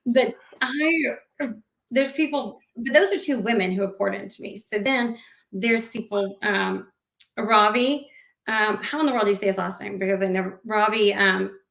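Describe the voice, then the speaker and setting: A woman in casual podcast conversation, her voice carrying a gravelly edge. She talks animatedly and slips into acted-out quotes of what people said. The recording sounds roomy, with noticeable echo. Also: medium pitch, a bit bright. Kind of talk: casual interview chat.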